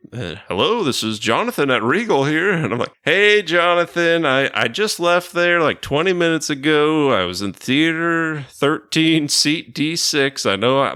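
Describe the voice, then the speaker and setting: Male podcast co-host, bright, lively delivery, dry close mic, riled up, mimics others as he tells a story. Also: medium pitch, clean tone, dry recording. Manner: acts out other people's lines in mimicking voices, laughing often. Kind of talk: animated storytelling rant.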